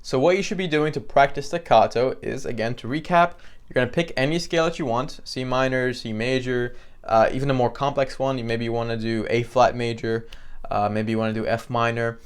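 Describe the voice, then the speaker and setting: A man teaching piano in a relaxed, conversational way with frequent fillers, counting beats aloud. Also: medium pitch, brisk, clear, resonant tone. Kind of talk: instructional tutorial. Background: piano playing between phrases.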